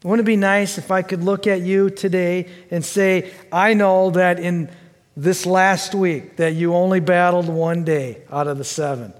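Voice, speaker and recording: High-voiced, slow-preaching pastor. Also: male voice, steady tone, in a large hall. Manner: earnest and questioning, rising to fervent pleading then dropping low. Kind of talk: sermon.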